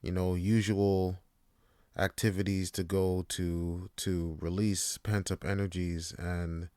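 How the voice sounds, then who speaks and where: A man's voice: low-pitched, no room sound, clean studio sound. A young man hosting a podcast in a laid-back, profane monologue full of fillers. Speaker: podcast host. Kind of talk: casual monologue.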